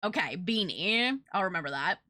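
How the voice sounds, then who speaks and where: A woman's voice: medium pitch, expressive, measured pace, pushed and bright. A young woman streaming, chatting casually with her viewers in a rambling, talkative way and swearing now and then.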